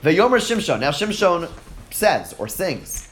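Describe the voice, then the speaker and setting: A man's voice: on the high side, very animated, normal speed, a little hiss or hum. A man teaching a class, reading verses aloud and translating them, often praising his students' answers. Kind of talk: classroom text study.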